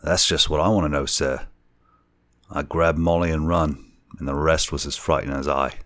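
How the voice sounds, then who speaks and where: A man's voice: rumbling low, steady tone, normal speed, fairly bright tone, no room sound, studio quality. A man voicing a young Cockney bellboy and former soldier, deferential and anxious, forever saying sir. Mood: uneasy.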